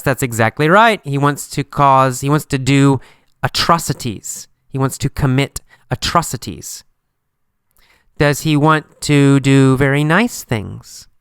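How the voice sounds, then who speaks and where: A man teaching an English lesson, asking simple questions and answering them himself, slowly and with a lot of repetition. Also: fairly high pitch, a bit bright, smooth, no echo, clean studio sound.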